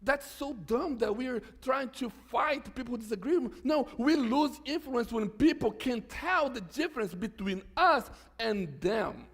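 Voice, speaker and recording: A man's voice: extremely high pitch, expressive, a little slow, hardly any pauses, fairly bright tone. A man preaching a sermon as pastor, conversational, with joking asides and restarts.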